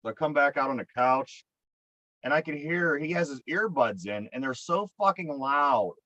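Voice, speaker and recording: Brief: Pittsburgh guy, fairly high voice, swearing and exasperated, on a dry, dull lo-fi mic. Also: expressive, normal speed, bright, forceful tone, no echo. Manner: profane, exasperated, rambling with restarts. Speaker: podcast co-host. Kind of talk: casual storytelling.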